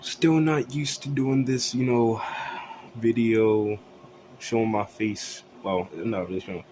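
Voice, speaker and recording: A man rants to camera in a casual vlog, blunt and rambling and swearing freely. His voice sits fairly low, with steady noise behind it. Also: unhurried, rough recording. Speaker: vlogger. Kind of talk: casual profane rant.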